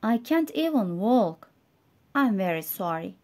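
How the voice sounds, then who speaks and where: A woman with a Turkish accent voicing a gentle male dolphin, king of the sea, read slowly like a storybook. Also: medium pitch, big pitch swings. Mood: apologetic. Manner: slow, careful storybook reading.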